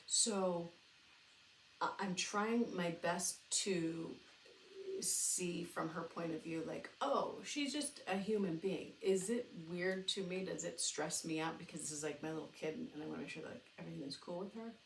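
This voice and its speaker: A woman's voice: on the low side, steady tone, normal speed, creaky, roomy sound, far from the mic, a little hiss or hum. A woman in her thirties hosting a podcast, talking candidly and rambling in a casual way, swearing now and then. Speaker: podcast host. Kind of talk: casual solo podcast talk.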